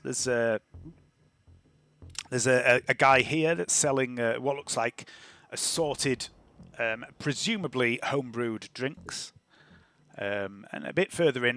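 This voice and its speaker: A man's voice: medium pitch, a bit bright. Casual male game master; loose, chatty scene-setting. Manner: rambling, full of fillers and chuckles. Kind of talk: narrating a tabletop game.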